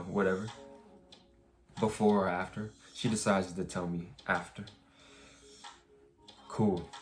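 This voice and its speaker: A young man with a deep, low voice vents casually to his camera. He circles back and restarts his sentences, swearing as he retells the story. Faint music plays underneath. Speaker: vlogger.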